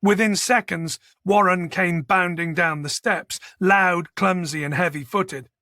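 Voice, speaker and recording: Male thriller narrator, steady delivery; bright voice with some fry, dry booth sound. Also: high-pitched, a little slow, dry recording. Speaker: audiobook narrator. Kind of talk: scripted narration.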